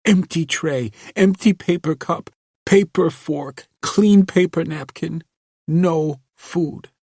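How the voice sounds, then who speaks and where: A woman's voice: slow, mellow, husky, dry recording, studio quality, heavily acted. A man doing a tearful, terrified young woman. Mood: bitter, despairing. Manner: high whimpering hysterical cries. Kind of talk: storybook reading.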